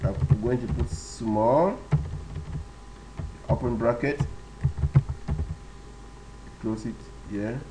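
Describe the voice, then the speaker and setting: A man's voice: medium pitch, noisy background. A man teaching web page basics in a screen-recorded tutorial, explaining step by step with many fillers and repeated phrases. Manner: slow, step-by-step, with frequent fillers and repetitions.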